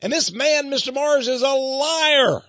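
A man voicing an indignant male small-town police chief who talks loud and high. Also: a little slow, no echo, exaggerated voice. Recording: dull, dry lo-fi recording.

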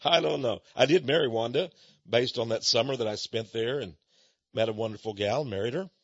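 A man's voice: medium pitch, fairly quick, husky, dry recording, dull audio. An older American man giving a folksy, indignant monologue, like a radio host selling goods and ranting about money. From United States.

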